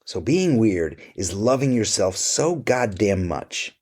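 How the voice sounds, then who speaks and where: Animated, blunt-talking middle-aged man. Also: on the low side, slow pace. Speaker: host answering questions. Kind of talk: candid self-interview.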